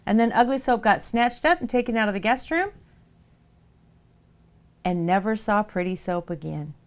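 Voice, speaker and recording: A woman who makes soap, chatting casually on a livestream. She tells playful stories in an animated way, and her voice rises and falls a lot. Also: medium pitch, normal speed, slight background noise. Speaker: soap maker streaming live.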